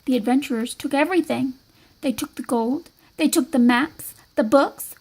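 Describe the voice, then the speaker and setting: A woman reading a children's picture book aloud with expressive, lively storytelling. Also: sits high, moderate pace, poor audio. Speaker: storybook reader.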